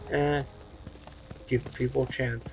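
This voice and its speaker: A man's voice: medium pitch, gravelly, pushed and bright. A man commenting on a game he is playing, joking and crude in laid-back asides. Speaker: let's play host. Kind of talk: gameplay commentary. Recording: dull lo-fi mic with game music.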